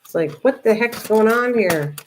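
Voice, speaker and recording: An older woman hosting a live crafting stream, greeting viewers by name and muttering quietly to herself as she works. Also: a little high, expressive, normal speed, a little hiss or hum. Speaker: craft livestream host.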